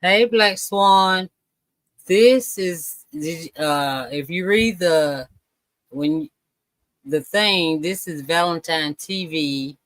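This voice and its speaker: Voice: mid-range voice, expressive, slow, fairly bright tone, no room sound, rough recording. A reaction channel host giving casual commentary in a musing way, often trailing off.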